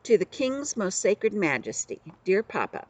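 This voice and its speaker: A woman's voice: mid-range voice, very animated, a little slow, darkish tone, pitched above the performer's own voice. A woman voicing a clever, scheming street-boy servant in a storybook reading, acting grand to fool his captors. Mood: crafty. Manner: crafty, putting on airs.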